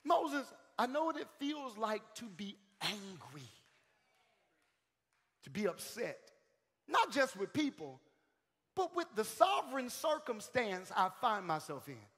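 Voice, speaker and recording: A male pastor preaching a sermon in a church, calling out to the congregation, swinging from shouted peaks to sudden quiet lines. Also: high-pitched, big pitch swings, slow, pauses often, slightly rough. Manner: calls out to the congregation. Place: church sanctuary. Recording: long hall reverb.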